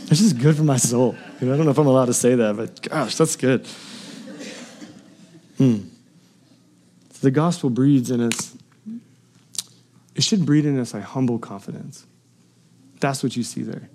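A man's voice: medium pitch, warm tone. A young man preaching a conversational sermon in a casual, emphatic way, peppering his talk with "man" and "dude".

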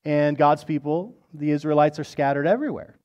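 A male pastor preaching a sermon in a conversational storytelling manner, swelling louder on dramatic moments and dropping soft at the ends of phrases. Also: brisk, highs cut off. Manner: storytelling, rising in intensity on quoted lines, dropping low and soft at phrase ends; conversational, with restarts and asides.

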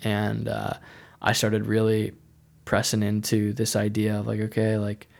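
A man's voice: on the low side, completely flat delivery, a little slow, creaky, darkish tone. A young man telling a personal faith testimony in a casual, rambling way, full of "like" and restarts. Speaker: speaker sharing a faith testimony.

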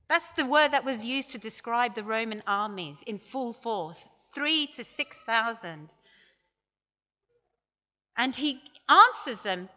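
High, slow-speaking woman preacher. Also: animated, sharp tone. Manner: measured storytelling with dramatic quoted lines. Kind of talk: sermon. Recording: long hall reverb.

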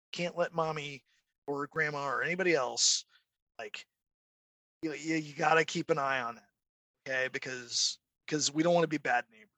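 A man chatting as a podcast guest, telling animated stories and mimicking barking dogs. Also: a little high, no room sound. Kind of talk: casual chat.

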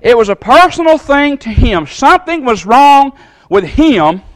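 Southern guy preaching, high voice that swoops all over, dry close sound. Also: a little slow, no echo. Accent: Southern American. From Southern United States. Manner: folksy, animated, acts out quoted voices. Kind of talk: sermon.

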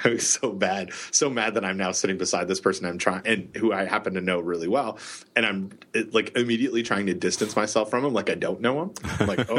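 A man's voice: fairly low pitch, a bit bright, slightly rough. A middle-aged man co-hosting a podcast, telling rambling stories in casual chat and laughing often. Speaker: podcast co-host.

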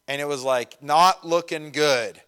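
A middle-aged man preaching a sermon to a congregation in a conversational, lively way, with self-deprecating asides about parenting. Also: on the high side, measured pace, smooth. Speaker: pastor.

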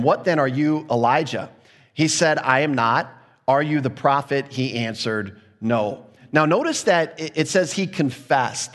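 A man preaching a verse-by-verse sermon in a conversational way, acting out quoted voices. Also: medium pitch. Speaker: pastor. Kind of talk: sermon, verse-by-verse Bible teaching.

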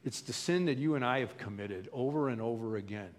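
Pastor preaching in an echoing hall. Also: male voice, mid-range voice, a little fast. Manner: animated, acts out quotes in voices. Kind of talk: sermon. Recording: long hall reverb.

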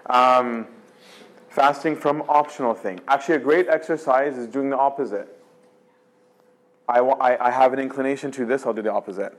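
A man's voice: medium pitch, fairly even intonation, normal speed. A man giving an informal religious lecture, talking casually and with animation, full of fillers and "right?" tags. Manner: acts out quoted voices of God and the soul. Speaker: lecturer on spiritual life.

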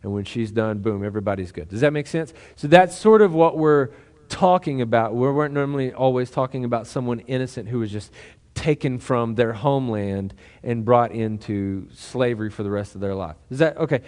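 A man's voice: mid-range voice, moderate pace, darkish tone. A man preaching a sermon as a pastor, talking casually and conversationally, with asides and restarts.

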